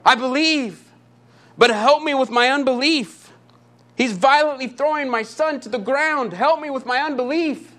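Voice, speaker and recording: A man's voice: very high voice, moderate pace, pushed and bright, voice pushed up. A man preaching acts out a desperate father who pleads again and again for his son. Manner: pleading, repeating himself.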